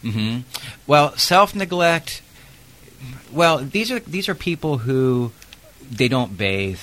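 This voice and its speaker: A man's voice: medium pitch, animated, takes it slowly, a bit bright. A man who works as an investigator, telling a work story in a chatty interview with plenty of fillers. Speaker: protective services investigator.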